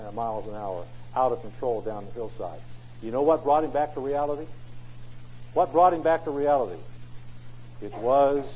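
A man's voice: medium pitch, dark tone, a little hiss or hum. A man preaching a sermon in an emphatic way, often asking rhetorical questions. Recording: dull lo-fi recording.

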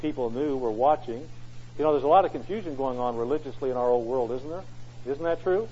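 A man's voice: mid-range voice, brisk, warm tone, slight background noise. A man preaching a sermon in an emphatic way, often asking rhetorical questions. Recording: dull lo-fi recording.

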